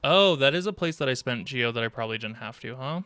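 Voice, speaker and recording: A man's voice: medium pitch, animated, quick pace, bright, forceful tone, no echo. A man streaming a game, chatting casually and mumbling self-deprecating remarks as he plays. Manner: self-deprecating, mutters to himself while playing. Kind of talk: casual gameplay commentary.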